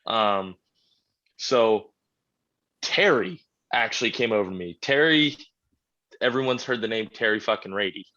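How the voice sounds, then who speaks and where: Blunt, swearing man with a bright voice. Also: on the low side, expressive, measured pace, long pauses, muffled recording. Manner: blunt, swears freely, laid-back storytelling. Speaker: podcast guest, strongman champion. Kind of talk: casual interview chat.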